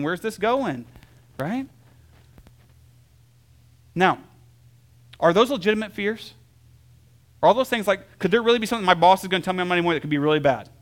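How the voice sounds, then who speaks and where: A young adult man preaching a casual sermon, conversational and full of fillers and check-ins with the listeners, telling stories with lively swings between soft and loud. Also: high voice. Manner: conversational, lots of filler "like" and "right?". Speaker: pastor.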